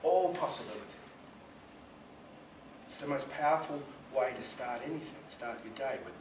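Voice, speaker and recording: At a live event, a man gives an inspirational talk full of humorous, self-deprecating stories in front of an audience. His medium-pitched voice moves at a moderate pace with long pauses, picked up by a distant mic in an echoey, noisy room.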